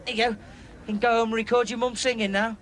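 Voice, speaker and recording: A man presenting live from a beach, chatting excitably with children about their swaps. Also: extremely high pitch, quick pace, slight background noise. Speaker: outside broadcast presenter. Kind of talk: lively live interviews on a beach. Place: outdoors on a crowded beach.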